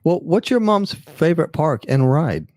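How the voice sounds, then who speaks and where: Male podcast host, warm dark tone, playful interviewer. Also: on the high side, very animated, measured pace, dry recording, studio quality. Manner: teasing, curious questions. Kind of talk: casual chat.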